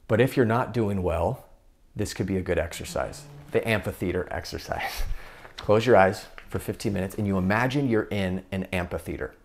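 A man's voice: fairly low pitch, a little mellow. Earnest young man giving a faith talk. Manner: earnest, coaching, acts out inner voices. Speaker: Catholic speaker.

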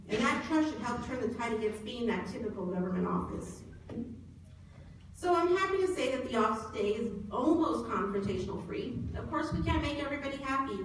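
A woman giving a conference presentation in a conversational tone with self-deprecating humor. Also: a little high. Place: large conference hall. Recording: echoey hall, distant mic, faint noise.

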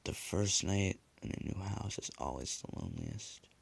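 Man playing a grim revenant, low gravelly threats, cold and menacing. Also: huge pitch swings, normal speed, full character voice. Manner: cold, then shouting. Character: vengeful dead man, quiet and menacing.

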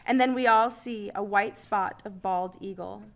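A woman reading her short story aloud in lively, expressive narration. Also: mid-range voice, unhurried.

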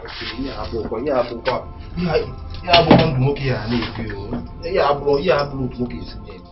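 An actor with a Nigerian accent playing a broke young husband who grumbles to himself about cooking and housework. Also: male voice, medium pitch, animated, fast talker, highs cut off, over loud music, lightly acted. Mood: grumbling. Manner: self-pitying grumbling monologue.

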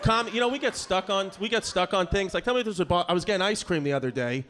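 A man's voice: sits high, fast talker, a bit bright. A man doing a brash, profane stand-up set with crowd work. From Brooklyn, New York. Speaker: stand-up comedian. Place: comedy club stage before a live audience. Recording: live club recording with audience noise. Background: audience laughter.

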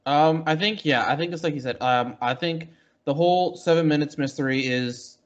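A man's voice: a little high, normal speed. A man co-hosting a casual comic review podcast, rambling with many likes and restarts, on a muffled, crackly mic. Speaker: podcast co-host.

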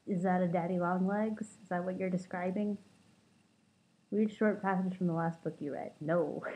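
A woman's voice: deep voice, gravelly. Wry young woman from Los Angeles. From Los Angeles, California. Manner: chatty, wry, self-mocking asides, mild swearing. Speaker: vlogger. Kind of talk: casual accent-tag vlog, reading prompts aloud. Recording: tinny phone-like lo-fi sound.

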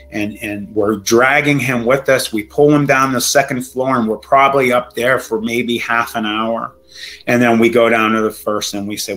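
A man, a guest in an interview, tells a frightening true encounter in an emotional, halting way with many restarts, sounding shaken and close to tears. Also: mid-range voice, fairly bright tone, poor audio.

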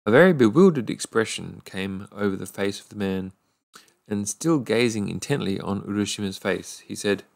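A man reading a fairy tale aloud, unhurried, now and then stumbling and correcting a word. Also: on the low side, creaky. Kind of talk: read-aloud storybook narration.

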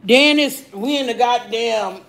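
Casting note: woman livestream host, brash, profane, higher-pitched voice, talking to chat. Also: unhurried, low-quality recording. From Arizona. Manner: loud, profane, animated, reading and answering chat comments. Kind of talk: casual live-stream chat. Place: home.

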